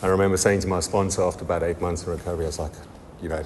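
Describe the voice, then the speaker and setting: A man telling his recovery story in a halting, heartfelt testimony full of pauses and restarts. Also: low voice, flat delivery, a little mellow, long reverb tail, slight background noise. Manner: halting, many ums and restarts. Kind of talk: personal testimony.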